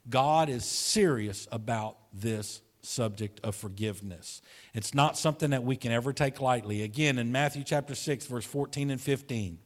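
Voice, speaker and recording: A male pastor preaches to his congregation, carrying a personal story in an earnest, conversational way. His pitch sits in the middle for a man, and he repeats himself as he builds a point. He sinks to a soft, hushed voice for the tender moments. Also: normal speed. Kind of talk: sermon. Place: church sanctuary.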